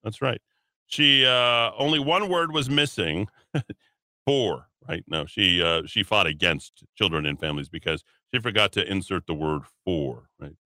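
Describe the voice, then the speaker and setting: Male talk radio host, sarcastic and mocking, sharp tense voice, dry close sound. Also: low-pitched, unhurried, dry recording. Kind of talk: opinionated political talk radio.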